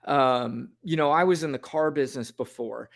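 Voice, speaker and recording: A man's voice: medium pitch, moderate pace, vocal fry. A man co-hosting a podcast, speaking frankly and bluntly in casual chat. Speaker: podcast co-host.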